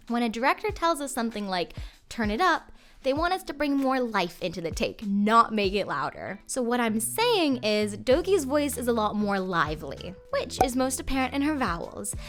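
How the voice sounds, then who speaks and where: A woman's voice: fairly high pitch, very animated, normal speed, soft background music. A woman hosting a voice-acting tutorial, explaining things in an upbeat, chatty way. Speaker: voice coach host.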